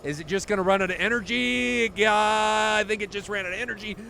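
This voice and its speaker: A man with a slightly high voice calls a flight-sim match live, chatty and quick to correct himself. A faint hiss of noise sits under his voice. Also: fairly even intonation, vocal fry, sharp tone. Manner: chatty, reads chat aloud, corrects himself often. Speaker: esports commentator. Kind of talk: live play-by-play commentary.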